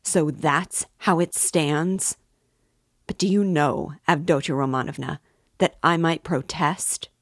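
A woman's voice: low voice, normal speed, dry recording, studio quality. A woman reading the part of a pompous, sarcastic middle-aged male suitor in a lofty tone. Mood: indignant.

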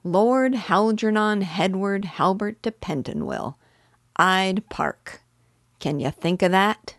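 A woman's voice: mid-range voice, slow pace, dry recording, studio quality, pitched above the performer's own voice. A woman voicing a polite, bumbling male burglar with a Cockney accent in a storybook reading. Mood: sheepish. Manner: dropped and added h sounds, slangy.

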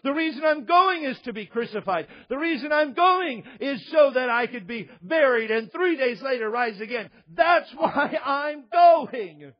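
A man's voice: extremely high pitch, animated, unhurried, few pauses, lo-fi sound, pitched above the performer's own voice, heavily acted. A man declaiming as a resolute, emphatic male teacher.

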